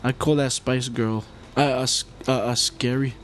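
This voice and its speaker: A man's voice: medium pitch, steady tone, normal speed, a little hiss or hum. A man in his forties hosting his own podcast, rambling and heated, swearing often as he talks into a mic with a homemade pop filter at home. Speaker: podcast host. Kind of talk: casual profane monologue.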